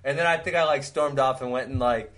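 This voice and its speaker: This Wisconsin podcast co-host talks a little fast in a medium-pitched voice. He's animated and laughs often as he meanders through a lengthy tale in a relaxed, chatty exchange.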